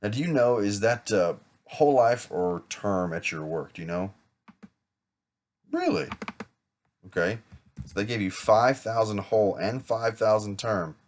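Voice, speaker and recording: A man's voice: on the low side, normal speed, slight background noise. A man acting as an insurance agent in a practice sales role-play, talking casually with small jokes and self-corrections. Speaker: insurance agent rehearsing a client pitch.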